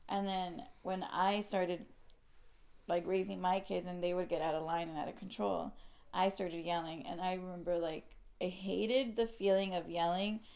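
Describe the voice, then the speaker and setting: A woman's voice: lowish voice, flat delivery, moderate pace, darkish tone. A young woman co-hosting a podcast, chatting casually and rambling with lots of "like" fillers. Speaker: podcast co-host. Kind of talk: casual chat.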